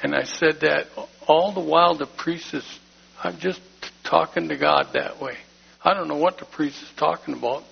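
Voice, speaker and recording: A man tells his personal testimony in church, plain-spoken and full of feeling. His voice is gravelly and husky, pitched a little high. The recording is dull and lo-fi. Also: fairly even intonation, normal speed. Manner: emotional, plain-spoken storytelling. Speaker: speaker giving a testimony in church.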